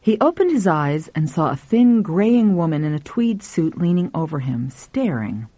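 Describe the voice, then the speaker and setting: Narrator, woman, audiobook, lively delivery, dry muffled recording. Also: fairly low pitch, moderate pace, dry recording.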